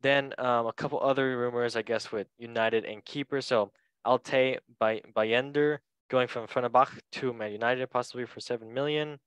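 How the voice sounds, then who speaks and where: A man's voice: medium pitch, steady tone, moderate pace, fairly bright tone, smooth, dry recording, low-quality recording. A man hosting a casual football podcast, chatty and joking, correcting himself as he reads through transfer news. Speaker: podcast host.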